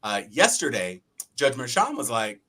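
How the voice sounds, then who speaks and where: A man's voice: mid-range voice, huge pitch swings, moderate pace, bright, forceful tone, slightly rough. A man co-hosting a casual political chat, wry and laughing as he acts out quotes. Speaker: podcast co-host.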